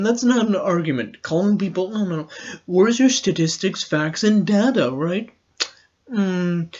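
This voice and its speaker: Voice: medium pitch, darkish tone, dull audio. A podcast host giving a casual political commentary monologue, rambling and sarcastic, often laughing.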